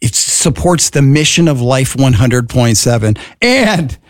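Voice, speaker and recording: A man's voice: mid-range voice, normal speed, a little mellow, dry recording. A man co-hosting a radio fundraising drive, upbeat and teasing, often laughing, in a studio. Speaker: radio co-host.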